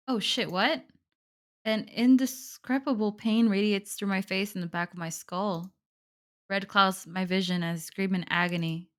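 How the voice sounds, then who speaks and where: A woman's voice: mid-range voice, fairly bright tone. A woman playing a horror visual novel, reading the story aloud and reacting with lots of swearing and casual slang. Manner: reactive, swears a lot, says "bro". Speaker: gaming streamer. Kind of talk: let's play commentary and reading game text aloud.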